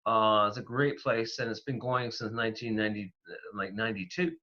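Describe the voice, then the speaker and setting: Male guest from Canada, loose and chatty, bright, lo-fi remote audio. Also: lowish voice, brisk. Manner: rambling, animated storytelling with many fillers. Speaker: paranormal investigator guest. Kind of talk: casual interview talk.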